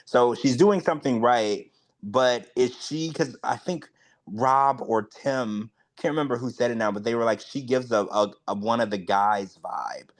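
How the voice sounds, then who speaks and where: A man's voice: mid-range voice, measured pace. Chatty, blunt man podcast co-host. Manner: chatty, heavy use of "like", frank and blunt. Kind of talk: casual chat.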